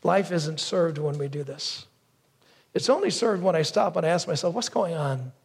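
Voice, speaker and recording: A man preaching a sermon, telling a story with lively asides and acting out brief voices. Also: on the high side, moderate pace, creaky, slightly rough. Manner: storytelling, acts out wife's lines and crow caws. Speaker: pastor.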